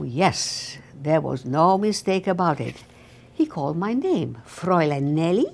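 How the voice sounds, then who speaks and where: An elderly woman reads her own memoir aloud at a careful, halting pace, often restarting words. Her voice sits low. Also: a little mellow, breathy edge. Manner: slow, halting reading with restarts. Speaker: memoir author.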